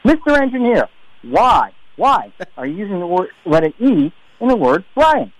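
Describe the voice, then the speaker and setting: A male radio show host talking loud, teasing and joking with his co-hosts. His voice sits a little high. The sound is dry and close. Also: very animated, normal speed, no echo, low-quality recording. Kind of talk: playful radio show banter.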